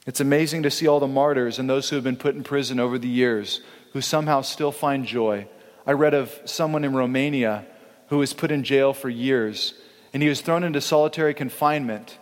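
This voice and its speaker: A man's voice: mid-range voice, a little fast, big-room sound. A man pastor preaching a sermon in a conversational, emphatic way, acting out quoted speakers.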